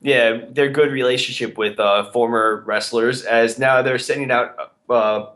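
A man's voice: mid-range voice, fairly even intonation, a little slow, fairly bright tone. Rambling male podcast co-host. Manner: rambling, hesitant with frequent fillers. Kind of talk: casual chat.

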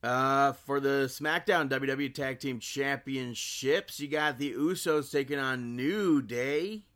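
A man co-hosting a casual podcast, making picks in a relaxed way and laughing at his own jokes. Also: mid-range voice, takes it slowly. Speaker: podcast co-host. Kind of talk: casual wrestling podcast chat.

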